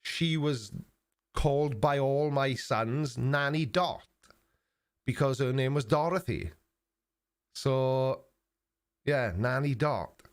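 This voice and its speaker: A man's voice: mid-range voice, takes it slowly, pauses often, smooth. An older man from England chatting casually on his live stream, reading out viewer comments with dry, sarcastic banter. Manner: dry sarcastic banter, mock-offended asides.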